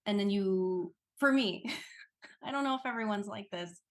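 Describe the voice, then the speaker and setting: A woman actress, a guest in a casual interview, talking in a chatty, animated way with quick laughs. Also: mid-range voice.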